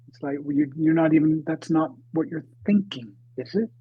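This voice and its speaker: A husky older man in his seventies tells a story as a podcast guest, halting and dramatic, dropping to a hush and then pushing loud. The recording is dry and a bit dull, like a lo-fi setup. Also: a little high, dry recording. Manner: halting, dramatic, with swings between loud and hushed.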